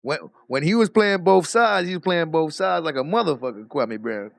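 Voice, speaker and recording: A casual rant comes from a male streamer with a high, gravelly voice who tells his story in a loose, swearing-heavy way. His energy is animated and he laughs quickly; the sound is dry and close-miked, lacking any room ambience.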